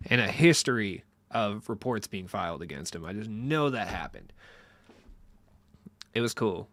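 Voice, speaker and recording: A man's voice: mid-range voice, animated, moderate pace, fairly bright tone, no room sound. A young man chatting casually with his stream viewers in a loose, rambling, profane way.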